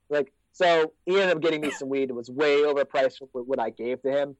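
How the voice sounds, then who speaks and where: An American man telling stories in a casual chat, laid-back and profane, often trailing off into low asides. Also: fairly even intonation, a little fast, no room sound. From United States. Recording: dry, dull lo-fi sound.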